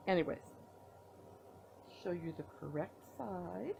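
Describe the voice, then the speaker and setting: On a tablet at home, a middle-aged woman records her knitting podcast, tired and yawning while she rambles through a casual show-and-tell with playful reveals. She speaks unhurriedly in a low voice with lively intonation. The recording is rough, with a little hiss or hum.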